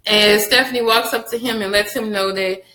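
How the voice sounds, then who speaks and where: A woman recapping a TV episode for her viewers, chatty and animated, addressing them directly and laughing often. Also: mid-range voice, a little fast, roomy sound, low-quality recording. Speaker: TV show reviewer.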